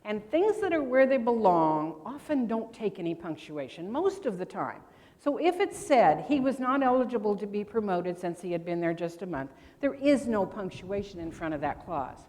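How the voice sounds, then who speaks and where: A woman's voice: mid-range voice, big pitch swings, normal speed, a little mellow. An older woman presenting grammar at a convention workshop, chatty and quizzing her audience with questions. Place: large convention hall. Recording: long hall reverb.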